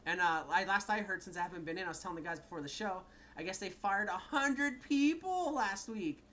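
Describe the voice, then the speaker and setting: A man's voice: high-pitched, a little fast, pushed and bright, slight background noise. A man co-hosting a podcast in casual chat, rambling and swearing, laughing often. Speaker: podcast co-host.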